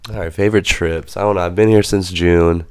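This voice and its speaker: A young man from the United States chatting as a guest in a relaxed, slightly hesitant way. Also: deep voice, fairly quick, smooth, no room sound, studio quality. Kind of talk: casual chat.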